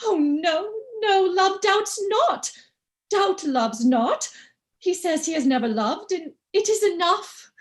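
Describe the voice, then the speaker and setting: A tearful, flustered young bride, played by a woman on stage, whose very high voice moves slowly through her sobs. She is melodramatic and theatrical in the way of stage comic opera. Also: lively intonation, heavily acted. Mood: earnest. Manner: sobbing, melodramatic.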